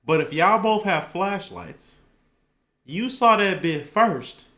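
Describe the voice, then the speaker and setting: A man co-hosting a casual reaction video, loud and animated, often laughing and shouting. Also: high voice, takes it slowly, vocal fry, reverberant. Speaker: reaction channel co-host.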